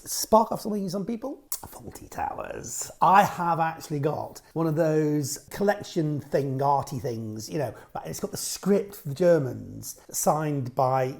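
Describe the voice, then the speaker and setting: A man with a fairly high pitch, vocal fry, and a darkish tone chats casually to camera. He answers viewer questions in a rambling, jokey way, constantly breaking off mid-sentence.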